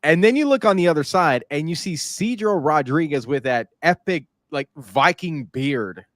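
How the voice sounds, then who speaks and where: A man's voice: on the high side, expressive, moderate pace, fairly bright tone, no room sound, clean studio sound. A man hosting a podcast and organizing competitions, chatting casually, laughing easily and restarting while he recalls details. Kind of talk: casual chat.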